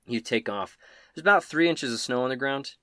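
A man's voice: medium pitch, a little fast, pushed and bright, no room sound, clean studio sound. A man narrating a tabletop game as game master, casual and full of fillers.

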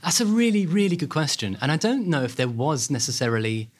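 A man, a guest author telling a history story in lively, animated conversation. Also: fairly high pitch, brisk, breathy edge. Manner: lively, animated, hedging with fillers.

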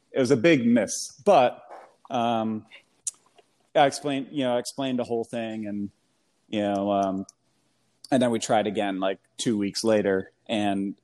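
A lower-voiced American man in his thirties, talking loosely and animatedly. He rambles through a story with lots of fillers and bursts of laughter, in relaxed conversation. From New England, US. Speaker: guest. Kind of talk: casual storytelling chat.

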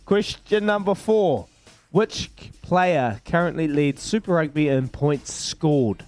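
A man hosting a breakfast radio quiz, playful and quick to laugh. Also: fairly high pitch, darkish tone, faint music behind. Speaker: radio show host.

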